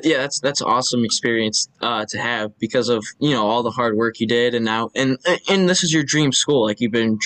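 A podcast host, a man of middle pitch, asks his guest questions in a loose, rambling way, often restarting mid-thought. His voice sits close and dry on the mic. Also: a little fast, few pauses, fairly bright tone, no room sound, low-quality recording. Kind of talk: casual interview questions.

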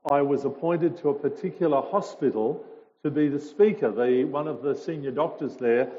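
A man with a higher-pitched voice speaks at a moderate pace, sharing stories informally with a congregation as a visiting speaker, chatty and hesitant. The church-hall recording is lo-fi and dull, washed in long reverb.

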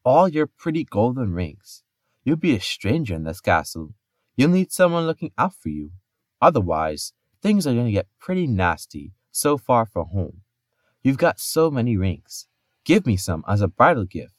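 A man's voice: mid-range voice, very animated, normal speed, no room sound, lightly acted. A man voicing a sly male trickster god in disguise as a bridesmaid, coaxing and wheedling.

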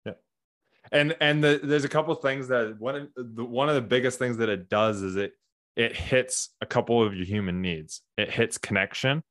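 A man, a burnout coach being interviewed, talking candidly and earnestly in quick animated bursts. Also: mid-range voice, no echo, clean studio sound. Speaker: burnout coach, podcast guest. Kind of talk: candid conversational storytelling.

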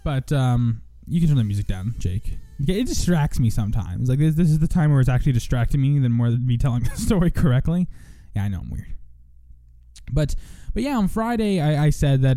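A man's voice: medium pitch, very animated, fast, mellow, dry recording. A young man hosting a radio show in casual chat, rambling and self-mocking, now and then breaking into joking country singing.

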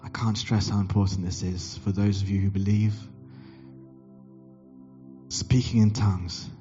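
A man preaching a sermon, telling a story and acting out the dialogue with big jumps in pitch. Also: little pitch movement, a little slow, warm tone, muffled recording, faint music behind. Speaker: pastor.

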